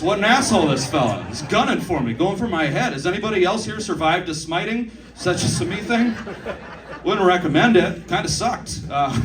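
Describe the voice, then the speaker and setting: A young man in his twenties, speaking in a fairly high voice, does a stand-up set at a comedy club with loose, profane storytelling and asides to the crowd. The audience laughs in the background. The audio is roomy and distant with a little hiss or hum.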